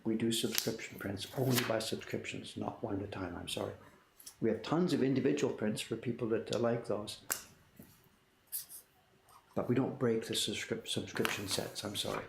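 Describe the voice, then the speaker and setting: An older man with a gravelly, fry-tinged voice chats casually on a livestream, working through viewer questions. He rambles and apologizes as he goes. The room is echoey, with a faint hiss behind him. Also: lowish voice, normal speed. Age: 60s. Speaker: print shop owner and livestream host. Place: workshop.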